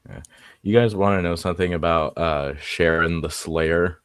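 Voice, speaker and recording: Brief: young man, very low voice, unhurried, dry close sound, halting and casual. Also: fairly bright tone, clear, resonant tone, no echo. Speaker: tabletop game player. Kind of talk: casual gaming chat.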